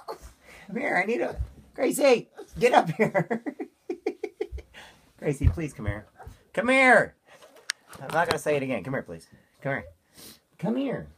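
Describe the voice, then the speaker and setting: Brief: father giving a bedtime talk to his kid, loud and teasing, animated pitch, recorded on a phone. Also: creaky, a little hiss or hum. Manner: loud, teasing, ends lines with 'okay?'. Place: home, at bedtime.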